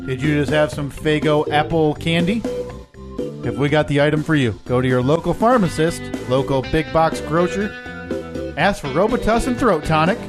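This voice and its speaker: A man's voice: normal speed, over music, lightly acted. A man voicing a hard-selling male TV commercial announcer in a mock ad. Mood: salesy. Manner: hard-selling pitchman delivery. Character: booming male TV ad announcer, salesy.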